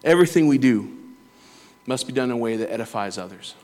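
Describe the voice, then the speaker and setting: A man's voice: mid-range voice, lively intonation, fast, darkish tone. Man, lay preacher, earnest conversational sermon, church, long hall reverb. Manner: earnest, conversational, with quoted voices and laughter. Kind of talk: sermon with personal stories.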